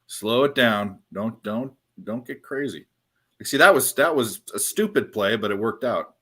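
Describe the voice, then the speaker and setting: Man, middle pitch, blunt casual co-host breaking down a game. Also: lively intonation, normal speed, pushed and bright. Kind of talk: casual live-stream chat.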